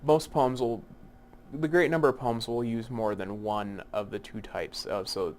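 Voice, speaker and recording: A man teaching poetic meter in an unscripted lecture, with many fillers and restarts, slowing down to spell out terms. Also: medium pitch, fairly even intonation, a little hiss or hum. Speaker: literature instructor. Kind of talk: recorded lecture.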